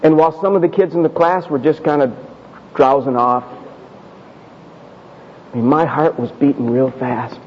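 A male pastor telling a personal story in a sermon, conversational and self-deprecating, slowing down for emphasis. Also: fairly high pitch, fairly even intonation, a little hiss or hum. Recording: dull audio with long hall reverb.

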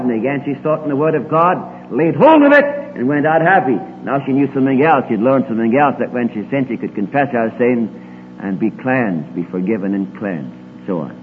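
A man preaching a sermon, swinging between emphatic rises and quiet low asides. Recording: tinny lo-fi recording with long hall reverb and faint hum.

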